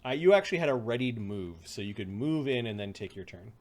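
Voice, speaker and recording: A man's voice: medium pitch, quick pace. Chuckling male game master. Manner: relaxed, matter-of-fact with chuckles. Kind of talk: narrating a tabletop game.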